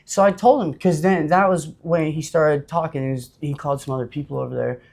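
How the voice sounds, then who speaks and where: A man from Utah sits in as a podcast guest and tells his own story in a loose, casual way. He is blunt and swears freely, piling up fillers as he goes, and his voice sits a little higher than is usual for a man. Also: fairly quick, vocal fry. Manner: blunt, profane, animated with frequent fillers.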